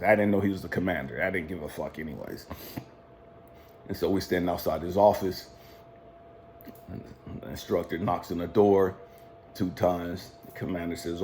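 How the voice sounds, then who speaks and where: A man's voice: sits low, expressive, moderate pace, pauses often, slight background noise. A man from California telling a personal story in a casual, profane, defiant way, laughing often. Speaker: life coach vlogger.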